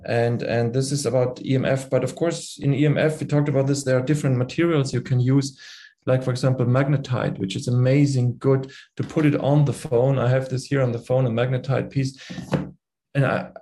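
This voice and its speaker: A man's voice: mid-range voice, fairly even intonation, fairly quick, warm tone. A middle-aged man with a German accent, a native German speaker, explaining his ideas earnestly as a podcast guest and sometimes searching for words. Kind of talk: conversational interview.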